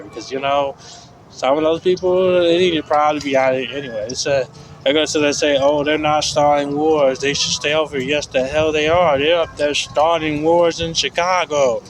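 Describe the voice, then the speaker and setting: Rambling, cursing man ranting outdoors. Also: a little high. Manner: rambling, repetitive, profane. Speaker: vlogger. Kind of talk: casual rant. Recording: outdoor street noise.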